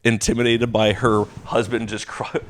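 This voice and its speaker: A young adult man, a stand-up comedian, telling stories in a casual podcast chat, animated and laughing as he acts out quoted voices. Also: lowish voice, moderate pace. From Texas.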